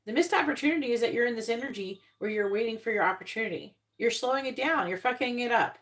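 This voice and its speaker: A woman's voice: a little high, fast, a bit bright. A woman giving a live-stream tarot reading in a blunt, casual manner, swearing freely. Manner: blunt, casual, swears, acts out quoted voices. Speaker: tarot reader.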